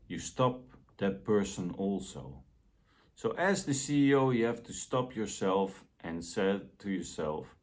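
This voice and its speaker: A man giving a motivational self-help talk in a gentle, deliberate way. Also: on the low side, animated.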